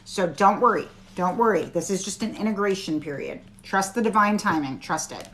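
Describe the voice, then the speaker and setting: A woman's voice: mid-range voice, normal speed, a bit bright, a little hiss or hum. A woman giving a live-stream tarot reading, reassuring and chatty with her viewers. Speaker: tarot reader.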